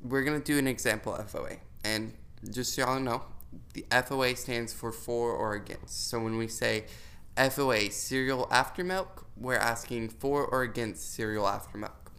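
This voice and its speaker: A young man with a bright, tense voice co-hosts a casual podcast. He is self-conscious and giggly and keeps tripping over his own words. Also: mid-range voice, normal speed, vocal fry. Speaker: podcast co-host.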